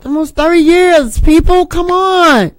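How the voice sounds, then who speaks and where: A woman's voice: very high-pitched, a little slow, dry recording. A middle-aged woman, preaching an informal sermon with folksy jokes and asides to the congregation.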